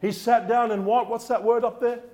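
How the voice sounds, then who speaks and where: A man's voice: extremely high pitch, steady tone, normal speed, darkish tone. A man preaching a fervent sermon, repeating words for emphasis and quizzing his listeners on scripture. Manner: fervent, repetitive, quizzes the congregation.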